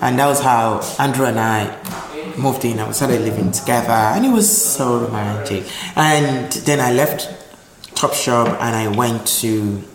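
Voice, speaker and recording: A man's voice: medium pitch, moderate pace. Man from Nigeria telling his story. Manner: animated storyteller, acting out voices in quotes. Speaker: interviewee. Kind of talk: personal storytelling in an interview. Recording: roomy echo with faint ambience.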